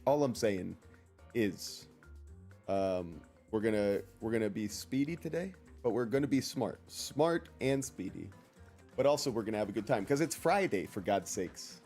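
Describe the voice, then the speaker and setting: Over faint background music, a young man jokes with viewers while streaming a game, reading their chat messages aloud in goofy voices. His lowish, darkish voice is animated, and he keeps a moderate pace.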